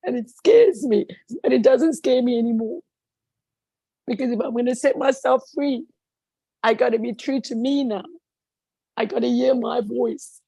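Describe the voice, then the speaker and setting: A woman's voice: fairly high pitch, normal speed, creaky, long pauses, mellow, husky, no echo. A woman guest speaking earnestly and emphatically in a conversation, repeating words for stress as she shares a personal testimony.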